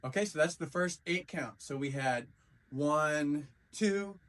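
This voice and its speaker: A man's voice: fairly high pitch, moderate pace, a bit bright. A man teaching a dance routine step by step, counting out beats and calling sounds as he demonstrates. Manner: counts and sings out beats while demonstrating moves. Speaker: dance instructor. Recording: voice from a distance from the mic.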